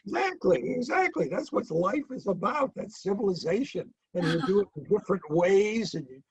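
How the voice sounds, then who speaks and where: An older man from the United States, a retired professor of international relations, answering interview questions in a halting way, with many restarts and some dry humour. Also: high voice, animated, a crowd in the background, low-quality recording. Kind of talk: remote interview.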